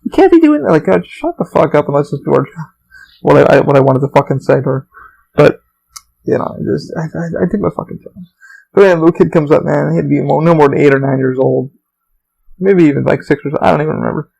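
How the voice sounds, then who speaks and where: A man's voice: on the high side, fairly even intonation, fast talker, creaky, a little mellow, breathy edge, low-quality recording. A man hosting a podcast, telling work stories in a rambling, profane, casual monologue. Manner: profane, storytelling, rambling with restarts. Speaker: podcast host; theme park employee.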